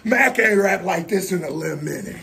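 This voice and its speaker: Excitable male reaction host, somewhat high voice, breathless hype, faint hiss underneath. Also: a little fast, vocal fry. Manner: excitable, loud outbursts and chanting between talk. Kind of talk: casual reaction commentary.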